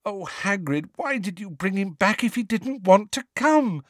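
A man voicing a clever teenage girl, a young witch, frightened and shrill. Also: lively intonation, measured pace, no room sound, clean studio sound. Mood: pleading. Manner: shrill, breathless.

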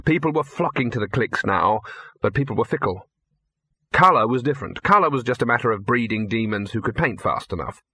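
A man's voice: mid-range voice, lively intonation, fairly quick, sharp tone, slightly rough, no echo. A man reading a comic fantasy story aloud in a dry, wry storytelling manner. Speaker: audiobook narrator. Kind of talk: scripted narration.

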